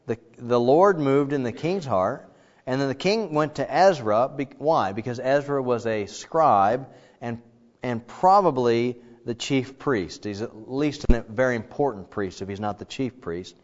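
A middle-aged man teaching a Bible class in a casual, animated way, acting out the quoted dialogue. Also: medium pitch, unhurried. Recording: dull lo-fi sound with long reverb.

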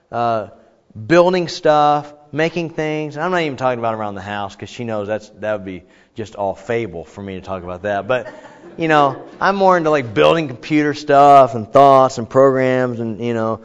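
A man preaching a relaxed, conversational sermon in a church, joking and often pausing on fillers. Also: mid-range voice, smooth. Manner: chatty and joking, frequent fillers. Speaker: pastor. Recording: echoey hall, dull sound.

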